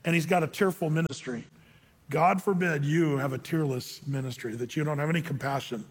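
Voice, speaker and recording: A man preaching a sermon as a pastor, animated and acting out quoted voices. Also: on the high side, a little fast, husky, big-room sound.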